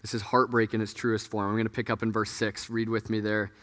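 Male pastor, earnest sermon, bright voice, echoey hall. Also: fairly low pitch, little pitch movement, a little fast. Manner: earnest, conversational preaching, dropping to hushed tones.

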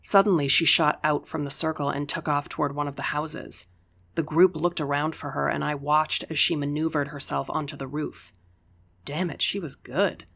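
Even, unhurried first-person audiobook reader. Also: mid-range voice, gravelly. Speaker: audiobook narrator.

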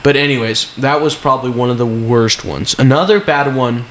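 A man's voice: mid-range voice, moderate pace, a little hiss or hum. A young man co-hosting a casual podcast, telling a story animatedly and dramatically. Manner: animated, laughing, dramatic retelling. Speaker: podcast co-host.

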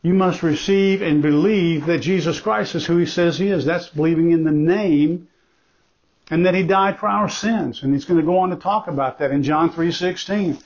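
Husky-voiced man preaching earnestly. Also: fairly high pitch, normal speed, darkish tone. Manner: earnest, emphatic, repeats key phrases. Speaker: pastor. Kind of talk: sermon. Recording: dull lo-fi recording.

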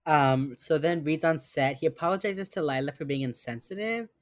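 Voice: medium pitch, normal speed, no echo. A podcast host walks through an episode's plot scene by scene from notes, in a loose, chatty way full of fillers. The voice sits in a middle range and sounds dry and close. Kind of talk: casual chat.

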